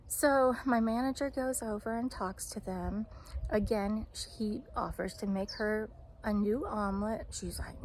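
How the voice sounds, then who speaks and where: A woman's voice: medium pitch, fairly even intonation, measured pace, a little mellow, a little hiss or hum. A woman who works as a restaurant server, chatting candidly through a storytime vlog outdoors in the shade. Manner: chatty, candid retelling with fillers. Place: outdoors, sitting in the shade on a hot day.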